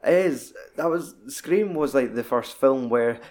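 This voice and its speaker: A man's voice: medium pitch, expressive, unhurried, a little mellow. A man, co-hosting a casual podcast chat about films, loose and sweary with lots of filler words. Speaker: podcast co-host.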